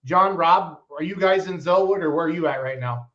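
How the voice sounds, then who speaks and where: A man's voice: fairly high pitch, moderate pace. A man hosting a live stream from his home, chatty and upbeat as he reads out viewer comments. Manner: upbeat, chatty, lively promoter. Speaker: host of a live pulling show stream. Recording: dull lo-fi stream audio.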